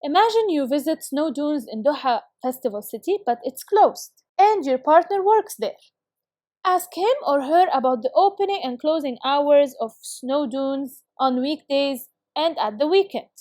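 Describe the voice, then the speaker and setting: A woman teaching a recorded English lesson with a clear, encouraging classroom delivery. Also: sits high, expressive, unhurried, darkish tone, no echo, studio quality.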